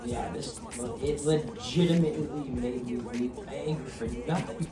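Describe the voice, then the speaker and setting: A man telling a rambling story in casual chat, animated and swearing, often breaking into laughs. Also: mid-range voice, unhurried, a loud crowd. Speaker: guest. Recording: roomy echo, distant mic, music behind. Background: music.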